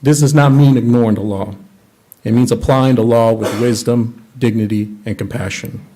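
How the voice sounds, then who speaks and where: A man's voice: medium pitch, steady tone, dark tone. Earnest man reading a prepared statement. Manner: earnest, measured, formal. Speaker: public commenter. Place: council chamber.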